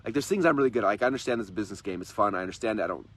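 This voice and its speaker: A man in his thirties giving an energetic, repetitive, persuasive motivational talk on a livestream from his in-laws' home. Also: on the low side, very fast, slightly rough. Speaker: host and coach.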